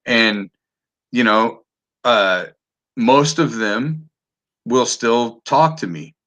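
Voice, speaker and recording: Animated, bright-voiced man chatting on a podcast. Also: medium pitch, drawn-out words. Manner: animated, swears freely, frequent restarts. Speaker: podcast host. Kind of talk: casual chat.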